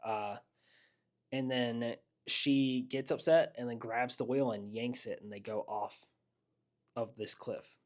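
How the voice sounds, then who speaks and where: Going through a horror movie one scene at a time, this man co-hosts a podcast and imitates characters' lines with lively storytelling in a relaxed chat. He takes his time, speaking in a mid-range voice.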